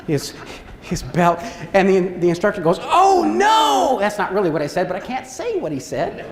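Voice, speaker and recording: A man giving a storytelling keynote talk as a motivational speaker, acting out scenes and quotes with big swings in his voice. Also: slight background noise. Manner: animated, acts out scenes and quotes with big pitch jumps. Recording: echoey hall with faint ambience.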